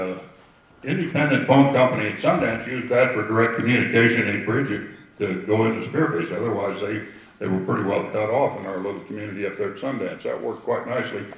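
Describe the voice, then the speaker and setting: A man's voice: fairly low pitch, creaky, slight background noise. An older man telling rambling family stories and anecdotes to a gathered audience. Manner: rambling anecdotal storytelling with asides. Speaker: speaker telling family history. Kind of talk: storytelling talk to a gathering. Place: outdoor history event with audience. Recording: echoey, distant from the mic.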